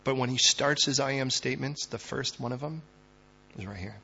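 A man preaching a sermon as a pastor, dramatic, swinging from loud emphatic lines to hushed ones. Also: mid-range voice, normal speed, creaky, husky, muffled recording.

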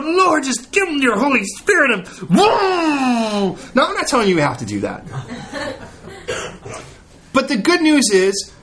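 A middle-aged man preaching a sermon as a pastor, telling stories with lively acted-out quotes. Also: high voice, a little hiss or hum. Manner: animated storytelling, acts out quoted prayers.

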